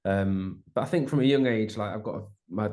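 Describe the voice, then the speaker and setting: A young man talks casually as an interview guest, restarting and padding his sentences with fillers. His voice sits a little low. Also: fairly quick, a little mellow. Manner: chatty, rambling with many restarts and fillers. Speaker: musician guest.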